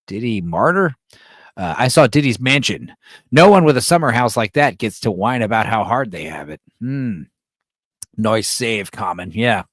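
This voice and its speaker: A man's voice: medium pitch, dry recording, studio quality. A man hosting a late-night livestream, chatting loosely and reading out viewer messages while tired at five in the morning. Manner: loose, rambling, reads and answers chat. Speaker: livestream host.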